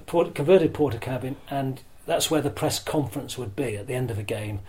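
An older man recounts his broadcasting days in an animated, self-mocking way, full of restarts and asides. His voice sits at an ordinary middle pitch. A light background noise runs under the conversation. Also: brisk, low-quality recording. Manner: lively storyteller who acts out crowd shouts; self-deprecating and chatty, with restarts. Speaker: interview guest, former rugby broadcaster. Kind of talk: anecdotal interview storytelling.

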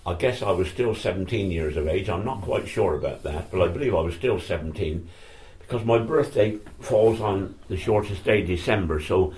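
A man's voice: low voice, a little mellow. An older man telling old stories in a rambling, self-correcting way during an interview. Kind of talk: reminiscing oral history.

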